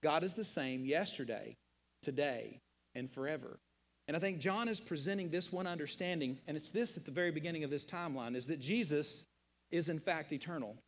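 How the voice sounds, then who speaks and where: A man's voice: a little high, brisk, in a large hall. A man preaching a sermon as pastor, emphatic and rhetorical, repeating key phrases and asking questions of his listeners. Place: church sanctuary.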